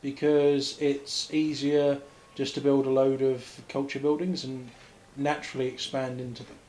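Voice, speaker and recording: A man chatting while playing a strategy game, dry and pedantic, quietly correcting his co-host. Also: medium pitch, little pitch movement, measured pace. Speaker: co-host of a gaming chat show.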